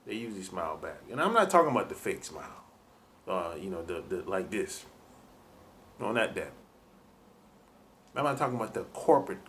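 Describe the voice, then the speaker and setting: A man's voice: lowish voice, fairly bright tone, slight background noise. A man giving dating advice in a laid-back, rambling monologue full of "you know".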